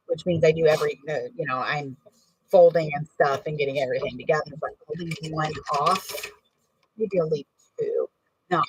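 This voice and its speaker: A woman's voice: fairly low pitch, husky, no room sound, distant mic, poor audio. A woman in a casual sewing tutorial, rambling and correcting herself as she works. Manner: chatty, rambling, self-correcting while working. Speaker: bag maker demonstrating sewing.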